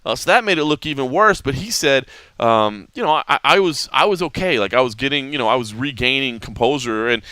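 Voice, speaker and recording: A man hosting a sports podcast, telling stories in a casual, animated way with frequent restarts. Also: mid-range voice, brisk, clear, resonant tone, no echo. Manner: animated storytelling with many restarts. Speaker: podcast host.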